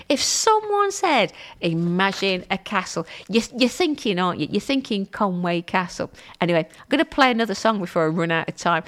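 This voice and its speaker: A woman, presenting a solo radio talk in a chatty, playful way with self-mocking asides. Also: mid-range voice. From Wales.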